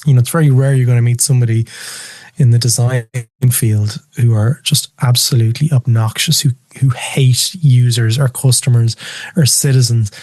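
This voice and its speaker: Irish man, podcast guest, chatty storyteller, mid pitch, dry close sound. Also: normal speed, no room sound. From Ireland. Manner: animated storyteller, acts out quoted voices. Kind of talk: casual chat.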